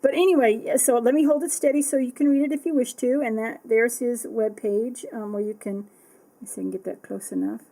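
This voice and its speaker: A bubbly, excitable woman chatting casually as she unboxes art supplies, often apologizing. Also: on the high side, brisk, rough recording. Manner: reads product text aloud.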